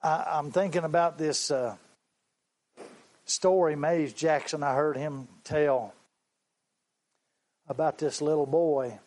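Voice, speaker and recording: A male preacher tells a story from the pulpit at a very unhurried pace. His voice sits a little high for a man. He is earnest and often circles back to repeat a phrase. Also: fairly even intonation, a little mellow, low-quality recording. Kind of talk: sermon storytelling.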